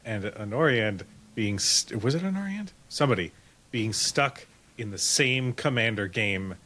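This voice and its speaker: A podcast guest telling a quick story in a casual chat, giggly and animated. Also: medium pitch.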